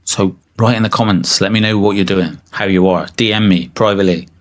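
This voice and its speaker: Bloke about 50, deep voice, confessional vlog, blunt and swears a lot. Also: male voice, steady tone, brisk, a little hiss or hum. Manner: candid and emotional, swears freely. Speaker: weight-loss vlogger. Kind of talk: confessional monologue to camera.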